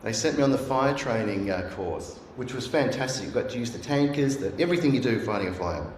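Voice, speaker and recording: Quick and lively in intonation, this middle-aged guest speaker uses a mid-range voice to tell a sermon as a personal story. He is earnest and acts out voices he recalls. The echoey church hall leaves a roomy echo and faint room hiss on the recording.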